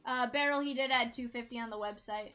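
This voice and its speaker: A woman hosting a live card-break stream, hyping each card she pulls and shouting out viewers in the chat. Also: fairly high pitch, fast, clean tone, soft background music. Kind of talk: live-stream sales patter.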